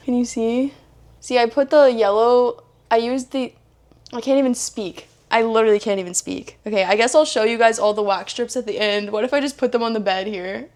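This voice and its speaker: A young woman in her twenties talks casually at home, mixing a book recap with sarcastic, dramatic asides. Her voice sits slightly high for a woman. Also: moderate pace. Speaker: book reviewer and vlogger. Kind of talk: casual vlog commentary. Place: at home, bedroom.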